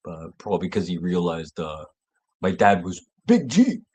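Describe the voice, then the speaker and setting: Guy host, low voice, loose, profane, rambling delivery. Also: sing-song, moderate pace, a little mellow, husky. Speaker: show host. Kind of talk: casual rambling monologue.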